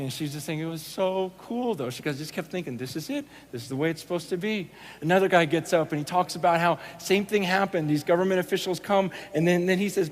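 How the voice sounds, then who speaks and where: A male pastor tells stories in a conversational, animated sermon, acting out bits of dialogue as he goes. His voice sits a little higher than most men's. A faint hiss sits under the recording. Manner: animated, quotes others in conversational asides. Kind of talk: sermon storytelling.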